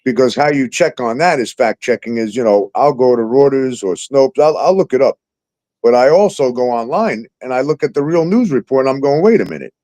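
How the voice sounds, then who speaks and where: A man hosting a casual talk show, animated and profane, laughing often and acting out exchanges as he tells stories. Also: mid-range voice, a little fast. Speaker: show host. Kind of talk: casual podcast chat.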